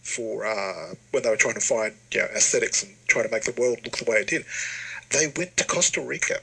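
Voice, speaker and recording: Male co-host, gravelly and husky, eager rambling storyteller. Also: lowish voice, animated, brisk, pushed and bright, low-quality recording. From Australia. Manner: enthusiastic storyteller, loose fillers and restarts. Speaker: podcast co-host. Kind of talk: casual chat.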